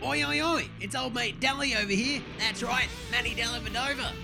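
A man doing a gravelly, rowdy Aussie bloke. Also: very high voice, brisk, music in the background, pitched above the performer's own voice. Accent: Australian.

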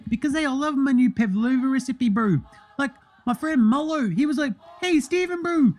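A man's voice: very high-pitched, darkish tone, pitched above the performer's own voice. A man impersonating a playful young male basketball star with a New Zealand accent, ending every sentence with "eh, bro". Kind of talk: comedic impression monologue.

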